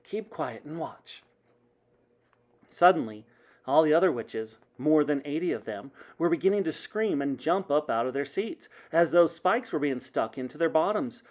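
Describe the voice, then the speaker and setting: A male teacher reads a children's book aloud with dramatic flair, his voice sitting a touch high. His pitch swoops up and down as he builds the suspense. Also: moderate pace. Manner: animated, dramatic storytelling.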